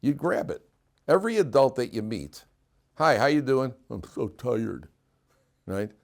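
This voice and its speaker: A man's voice: mid-range voice, moderate pace. A middle-aged man, a rabbi, teaching a class, telling anecdotes with laughter and putting questions to the room. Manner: animated storyteller, laughs through anecdotes, asks the room questions. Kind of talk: storytelling Torah class. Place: classroom with listeners.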